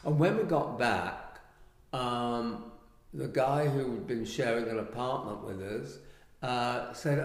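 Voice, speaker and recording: Older male guest from England, lively raconteur, roomy reverberant sound. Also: mid-range voice, unhurried. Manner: animated, acts out quoted voices. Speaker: guest, writer and actor. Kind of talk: anecdotal storytelling. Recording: echoey room with long reverb.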